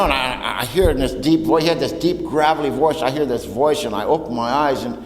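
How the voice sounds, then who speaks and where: A man in his sixties telling his own recovery story to an audience in a plainspoken, humorous way, with casual slang. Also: medium pitch. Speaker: recovery meeting speaker. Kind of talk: personal story told to an audience. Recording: roomy hall reverb, faint noise.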